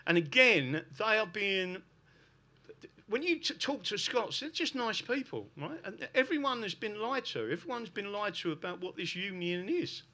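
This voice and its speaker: A man with a South London accent speaks to a live audience with heavy emphasis. His voice sits a little high and rings brightly. He keeps driving his points home with a quick "right?". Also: animated. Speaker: guest speaker. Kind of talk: live podcast talk to an audience.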